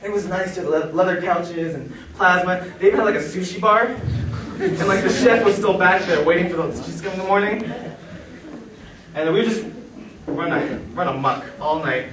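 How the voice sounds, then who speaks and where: High-voiced man doing stand-up. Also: moderate pace, distant mic, crowd noise. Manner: animated, acts out quoted voices. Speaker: stand-up comedian. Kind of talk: stand-up storytelling. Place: comedy club stage. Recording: roomy club sound from afar, noisy. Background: club audience laughter.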